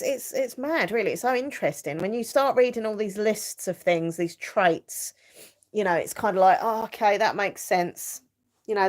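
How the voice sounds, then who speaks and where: A middle-aged woman rambling chattily as a live stream host, full of fillers and ready laughs. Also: mid-range voice. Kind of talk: casual chat.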